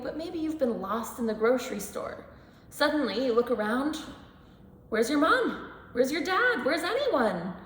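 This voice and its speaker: A young woman in her twenties leads a children's Bible lesson, telling stories with plenty of animation. Her voice sits fairly high and moves up and down a lot as she talks to the kids. The recording rings with the long reverb of a church sanctuary. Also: a little hiss or hum. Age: 20s. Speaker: church school teacher.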